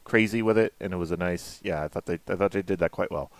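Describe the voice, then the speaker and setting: A man talking casually as a podcast producer, hesitant, restarting his sentences and trailing off softly. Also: deep voice, fast, no echo. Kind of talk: casual chat.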